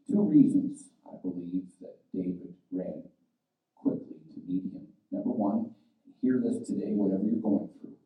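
A man preaching a sermon as pastor, building from quiet explanation to loud, impassioned calls to his church. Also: on the low side, measured pace, phone-quality sound. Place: church sanctuary. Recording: echoey church from a distance.

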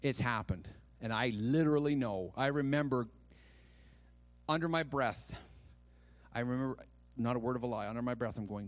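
A man preaching a sermon, telling a personal story and reading scripture, with quiet asides that swing to loud, rising exclamations, and he acts out the quoted voices. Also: medium pitch, moderate pace, long pauses. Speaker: pastor.

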